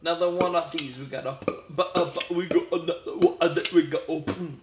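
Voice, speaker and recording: A man hosting a casual podcast, loud, profane and joking with his friends. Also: a little high, steady tone, fairly quick. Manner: profane, joking, laughs loudly. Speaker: podcast host. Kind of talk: rowdy casual podcast banter. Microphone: megaphone-style mic. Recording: echoey room with loud noise.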